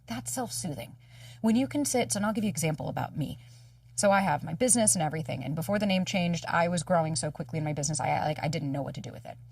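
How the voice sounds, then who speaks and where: A woman's voice: deep voice, animated, fast, creaky, darkish tone, breathy edge, dry recording, distant mic. A woman dating coach telling candid personal stories in a casual podcast chat, swearing freely. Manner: candid, emotional storytelling with frequent swearing.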